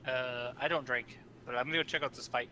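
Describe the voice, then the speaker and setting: Very bright-voiced brash man player. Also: medium pitch, fairly even intonation, brisk, a little hiss or hum. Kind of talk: casual chat at a game table.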